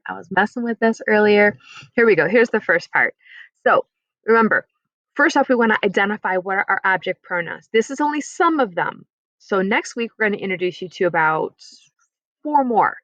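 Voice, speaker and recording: A woman's voice: mid-range voice, a bit bright, no room sound, highs cut off. A woman teaching a recorded online French lesson, explaining patiently step by step and encouraging her students.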